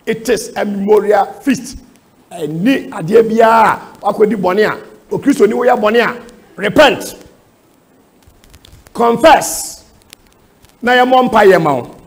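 A man's voice: high-pitched, moderate pace, creaky. A man with a Ghanaian accent teaching at a church seminar, emphatic and firing rhetorical questions at his listeners. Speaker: preacher answering questions. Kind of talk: seminar teaching in Twi and English.

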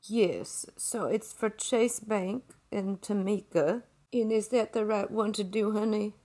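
A woman's voice: medium pitch, slow pace, dark tone. Woman prank calling, acts nervous and unsure, lots of ums. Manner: feigns a nervous, hesitant caller. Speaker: video creator prank-calling scammers. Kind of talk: prank phone call.

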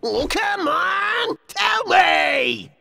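A woman voicing a bumbling, excitable male lumberjack in a cartoon, panicky and blustering. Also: very high voice, drawn-out words, gravelly, raised voice, full character voice. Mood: angry. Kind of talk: cartoon voice acting.

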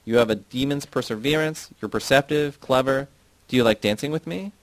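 A man's voice: mid-range voice, fairly quick, no room sound, voice pushed up, natural voice, poor audio. A man reading the part of a defiant young woman worker who needles her friend with pointed questions. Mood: challenging.

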